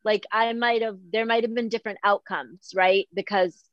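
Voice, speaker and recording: A middle-aged woman from Boston, a guest talking candidly in an animated, self-deprecating way and often quoting herself. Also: medium pitch, moderate pace, dry recording, lo-fi sound. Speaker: podcast guest. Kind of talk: candid conversational chat.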